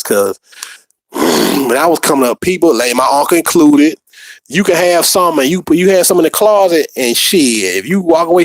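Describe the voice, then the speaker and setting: A man's voice: fairly high pitch, no echo. Profane man telling stories. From Alabama. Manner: profane, animated, repetitive restarts. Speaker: podcast storyteller. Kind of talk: casual profane storytelling.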